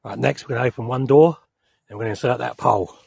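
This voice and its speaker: A man's voice: medium pitch, fast, gravelly, a little mellow, breathy edge, dry recording. A man, talking bluntly and casually as he sets up camp outdoors in a woodland for his vlog. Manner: blunt, plain-spoken. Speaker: camping vlogger.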